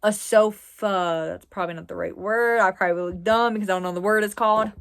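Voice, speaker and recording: A young woman from the US East Coast tells a story from her own life to camera. She talks casually and rambles, filling her sentences with "like" and breaking off into quick asides. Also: medium pitch, fairly even intonation, gravelly, fairly bright tone, clear, resonant tone. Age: 20s. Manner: chatty, rambling with frequent "like". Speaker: vlogger.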